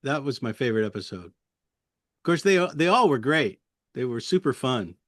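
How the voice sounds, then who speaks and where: A middle-aged man, a puppeteer guest, reminiscing in an interview with a friendly, chuckling manner and many pauses. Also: mid-range voice, big pitch swings, no echo, studio quality. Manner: friendly, chuckling, halting with fillers.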